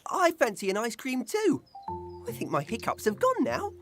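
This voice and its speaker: A man voicing a gentle, friendly young bear in a children's cartoon. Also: very high-pitched, wildly swooping pitch, normal speed, music in the background, exaggerated voice. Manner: friendly and easygoing.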